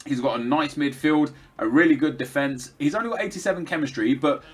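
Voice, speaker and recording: Fast-talking young man commentating gameplay. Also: on the high side, slightly rough. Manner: rambling, chatty, frequent fillers and restarts. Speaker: gaming commentator.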